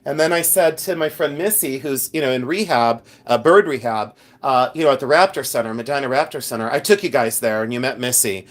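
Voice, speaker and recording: A man's voice: mid-range voice, brisk, hardly any pauses. A man hosting a casual live stream, talking straight to his viewers in a rambling way with many fillers and restarts. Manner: chatty, addresses viewers directly. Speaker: live stream host and reseller.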